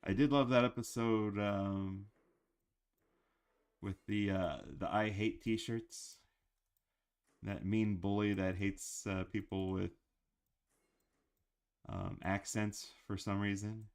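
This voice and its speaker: A man's voice: fairly low pitch, flat delivery, slow, pauses often, darkish tone, clear, resonant tone. A man talking casually about cartoons in a rambling, chatty way with frequent fillers. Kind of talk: casual chat.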